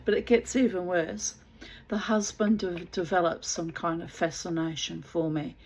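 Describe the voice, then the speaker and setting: A woman's voice: on the low side, steady tone, normal speed, slight background noise, low-quality recording. A woman telling a personal story in a blunt, casual way, swearing freely and laughing at herself.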